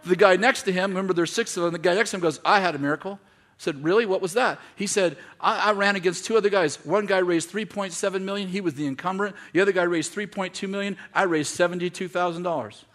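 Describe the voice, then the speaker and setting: A man preaching a sermon to a congregation, telling stories with quoted dialogue and building to shouted, repeated lines. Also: high voice, quick pace. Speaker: pastor. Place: church in front of a congregation.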